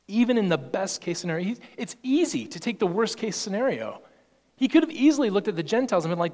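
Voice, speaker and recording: A man's voice: high-pitched, lively intonation, brisk, darkish tone. Man preaching in a reverberant hall. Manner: expository preaching, quoting scripture and acting out Paul's voice. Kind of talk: sermon. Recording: long reverb in a large hall.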